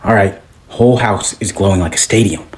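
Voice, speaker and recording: A young man narrating comedic point-of-view skits in an animated way, jumping between voices for each character. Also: lowish voice, fairly quick. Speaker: comedy sketch creator. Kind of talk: comedic POV skit narration. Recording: echoey room with music playing.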